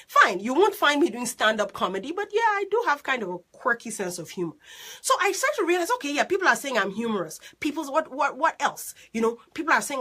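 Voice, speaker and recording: A woman life coach with a loud, strident voice and an unusual mixed accent, telling her story in an excitable, animated way during a live stream. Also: high-pitched, fast, husky. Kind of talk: live-streamed motivational talk.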